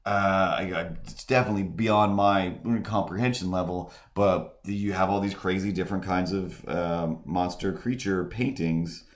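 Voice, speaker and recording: A man with a deep, low voice talks casually on his live stream, wandering from thought to thought. He stops and restarts often, padding his sentences with fillers. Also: fairly even intonation. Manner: rambling, halting, many restarts and fillers; mimics voices in quoted asides. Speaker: streamer and host. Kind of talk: casual rambling stream chat.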